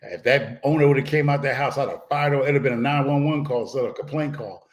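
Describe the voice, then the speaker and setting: A man's voice: mid-range voice, fast. A man speaking bluntly and emphatically as a guest on a casual live stream, swearing freely. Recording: roomy echo.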